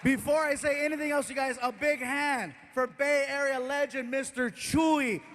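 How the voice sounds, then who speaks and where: A man performing energetic live stand-up comedy on an arena stage, telling animated stories and often shouting to the audience. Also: very high-pitched, moderate pace. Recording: live arena recording with loud crowd and noise. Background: cheering and laughing audience.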